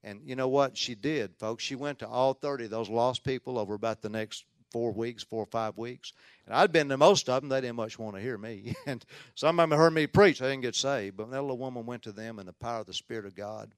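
A man's voice: mid-range voice, brisk, clean tone, no room sound. Earnest Baptist preacher man, dry sound. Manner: earnest storytelling, swinging from hushed to loud emphasis; repeats words and restarts often. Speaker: Baptist pastor. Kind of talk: sermon.

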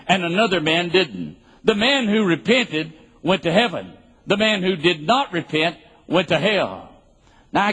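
A man's voice: fairly high pitch, a bit bright, husky. A man preaching a sermon, reading scripture and repeating key words for emphasis. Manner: emphatic and repetitive, drilling key words home. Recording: live sermon in a reverberant hall.

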